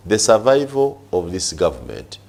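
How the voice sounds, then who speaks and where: A Ugandan man debating on a studio talk show, his fairly low voice swinging widely in pitch. He presses his point with repeated rhetorical questions and mixes English with Luganda. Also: big pitch swings, moderate pace, vocal fry, darkish tone.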